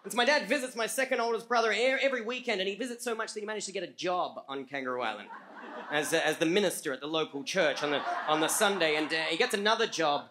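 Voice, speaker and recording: An Australian man telling a comic story on a live stage, halting with frequent repeats and fillers. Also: high voice, background noise. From rural Australia.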